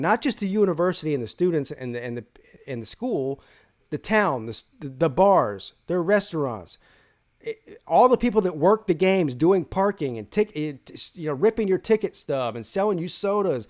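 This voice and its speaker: A man's voice: on the high side, animated, moderate pace. A man hosting a live college football call-in show, giving his opinions in rambling casual talk full of restarts.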